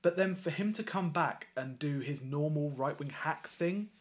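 A man's voice: a little high, normal speed. A man co-hosting a casual political podcast, sarcastic and sweary, often restarting his sentences. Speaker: podcast co-host.

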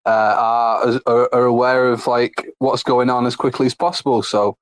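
A man's voice: medium pitch, flat delivery, moderate pace. A man explaining something on a casual live audio chat, hesitant and full of fillers. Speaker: guest.

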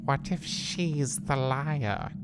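A woman's voice: rumbling low, extremely slow, full character voice. A woman playing a bumbling, insecure male adventurer wizard who stammers and blusters, with a noisy home recording behind. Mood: suspicious. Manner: stammering, blustering, swings into crying.

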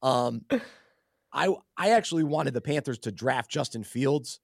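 A man co-hosts a casual sports talk show with a faith angle, speaking earnestly and thoughtfully and often restarting his sentences. His mid-range voice is gravelly, expressive and a little slow. The studio-quality recording has no room sound.

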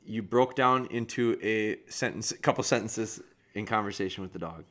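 A man's voice: fairly low pitch, normal speed, fairly bright tone. A man hosting a dog training podcast, reviewing a trainee's video and talking directly to him with frank critique.

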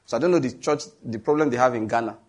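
Husky Nigerian man preaching emphatically. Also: mid-range voice, darkish tone. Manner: emphatic, reads scripture slowly, jokes with the congregation. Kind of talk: sermon.

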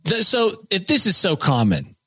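A man's voice: sits high, huge pitch swings, normal speed, pushed and bright, husky, dry recording. A man co-hosting a casual chat show with wry, joking banter. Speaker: podcast co-host.

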